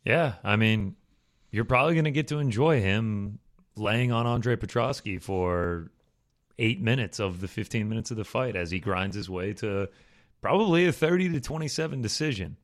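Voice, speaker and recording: A man's voice: lowish voice, lively intonation, moderate pace. A man co-hosting a sports betting podcast, chiming in with wry, short remarks. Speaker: podcast co-host. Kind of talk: casual betting podcast chat.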